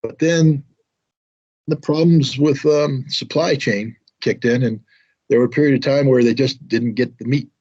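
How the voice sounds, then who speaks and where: American man, middle-aged, casual storyteller, husky voice, muffled recording. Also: mid-range voice, moderate pace, darkish tone. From United States. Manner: anecdotal, self-mocking, acts out quotes. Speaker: guest telling a story. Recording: dull lo-fi audio.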